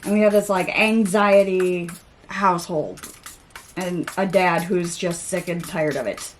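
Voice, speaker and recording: A woman's voice: fairly low pitch, measured pace, a little hiss or hum. A young adult woman vlogger telling a story in casual chitchat while getting ready, with exasperated asides and mild swearing. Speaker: beauty vlogger.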